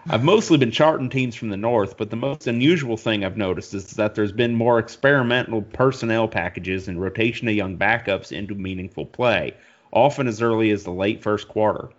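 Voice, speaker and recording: A man's voice: lowish voice, a little fast, dull audio, natural voice. A man reading a listener's letter aloud in a put-on Southern American accent, voicing a male fan. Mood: earnest.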